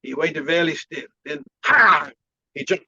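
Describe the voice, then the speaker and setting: A man's voice: fairly high pitch, expressive, a little slow, vocal fry, pushed and bright, slightly rough, highs cut off, full character voice. A man voicing an elderly, playful tai chi master who speaks broken English with a Chinese accent. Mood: delighted. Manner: broken English, cheerful bragging.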